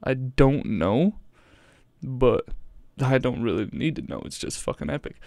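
A man's voice: medium pitch, expressive, unhurried, creaky, a little mellow. A man hosting a reaction video, talking casually in a rambling way, swearing freely and breaking off mid-thought.

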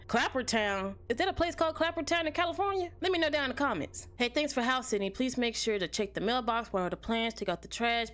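Woman streamer, horror let's play, lively bouncing pitch, fairly high voice, loud jumpy swearing reactions, chats to viewers. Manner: chatty asides to viewers. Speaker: gaming streamer.

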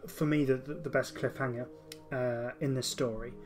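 Faint music plays under a mid-range male voice with fairly even intonation. He's a podcast host talking keenly in a casual discussion, his delivery halting with frequent restarts.

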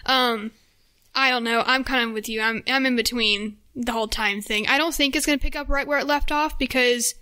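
A woman co-hosting a casual podcast, chatty and quick to laugh. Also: a little high, fairly even intonation, sharp tone, clean tone. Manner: chatty, laughs easily, hesitant restarts. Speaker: podcast co-host.

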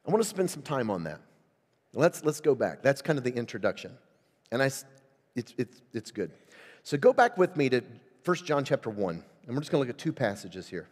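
Man, revival preacher, conversational sermon, loud peaks and hushed asides, long church reverb. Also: medium pitch, sing-song, a little fast. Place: church sanctuary.

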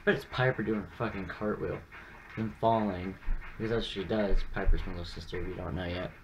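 A man's voice: low-pitched, steady tone, fairly quick. A young man casually chatting and swearing while he plays a game, rambling and self-deprecating. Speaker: gaming channel host. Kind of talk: casual gameplay commentary. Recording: muffled, lo-fi with audible background noise.

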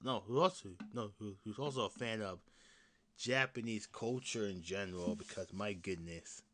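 A young man hosting his own podcast, chatting casually in a rambling, laughing way, with frequent restarts and swearing, jumping between loud excited bursts and low mutters. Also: moderate pace. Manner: excited fan talk that drops to mutters and whispers. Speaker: podcast host. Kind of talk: casual solo podcast chat.

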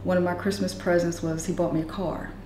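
A middle-aged woman speaking in a somewhat low voice, telling heartfelt stories for a documentary interview. The room is echoey and music plays clearly underneath. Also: level tone, fairly quick. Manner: heartfelt, storytelling, softening into emotion. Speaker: interviewee, eldest daughter.

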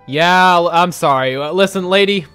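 A man's voice: sits high, moderate pace, fairly bright tone, clean tone, faint music behind. A man playing a visual novel, commenting in a crude, joking, giggly way, with lots of swearing. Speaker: gaming YouTuber reacting to a visual novel. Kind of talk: casual let's-play commentary.

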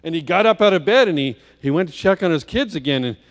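A man's voice: fairly high pitch, lively intonation, fast talker. Man telling a story in a reverberant church. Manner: vivid storytelling with rhetorical questions. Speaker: guest preacher. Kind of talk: children's story sermon. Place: church sanctuary. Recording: long church hall reverb.

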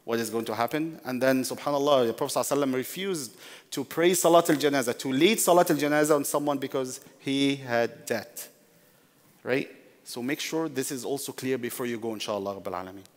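A man's voice: mid-range voice, quick pace. A man teaching a workshop in a sermon-like way, repeating key phrases for emphasis and addressing his listeners as brothers. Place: large mosque hall. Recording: long hall reverb.

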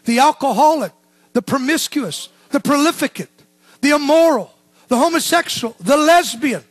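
A man preaching a sermon as pastor, swinging between shouted lines and hushed, low asides. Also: animated, normal speed, dry recording, soft background music.

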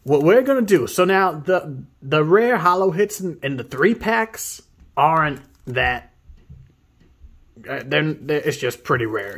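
A man with vocal fry hosts a casual video opening trading card packs, reading out each card and bursting into excited, high-pitched exclamations whenever a good one turns up.

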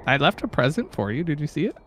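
A man's voice: fairly high pitch, big pitch swings, fast talker. A man chatting with a friend over a game, amused and chuckling through teasing denials. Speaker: gaming video creator. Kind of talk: gameplay chat with a friend. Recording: loud background noise with mouse clicks.

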